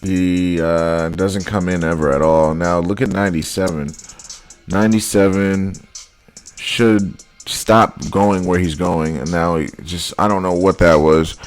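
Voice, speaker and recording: A man breaking down football highlights in casual commentary, blunt and exasperated, repeating his points. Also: fairly even intonation, unhurried, soft background music. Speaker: football film analyst.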